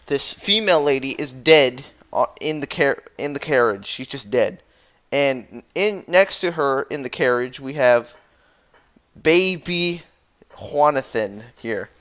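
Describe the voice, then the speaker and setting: A man's voice: a little high, a bit bright. A man who jokingly recaps a story as a YouTuber, rambling and correcting himself as he goes. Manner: rambling, playful, self-correcting.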